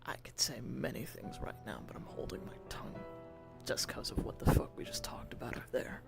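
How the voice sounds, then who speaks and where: A man's voice: medium pitch, expressive, a little fast, creaky, in a whisper, music in the background. A man playing an irritable young man who swears often and sighs, trying to speak formally while a drawl slips in. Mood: exasperated. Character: grey-haired young man, irritable and touchy. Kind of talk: voice role-play in a virtual world.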